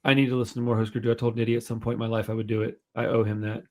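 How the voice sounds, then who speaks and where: A man's voice: mid-range voice, level tone, rapid-fire. Rambling, swearing male podcast host. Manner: rambling, swears freely, self-deprecating. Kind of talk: casual chat.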